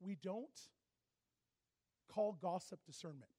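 A pastor preaches a sermon in an animated, dramatic storytelling style, frequently turning to the audience with asides. His voice is high and husky, his pace slow, and the recording is dry.

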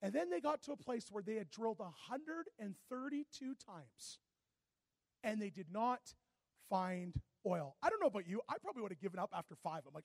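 Fervent male preacher with a high, bright-toned voice, dry close sound, sermon that swells to shouts. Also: lively intonation, fast, dry recording. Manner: fervent, rising to shouted exhortations; calls for congregation response.

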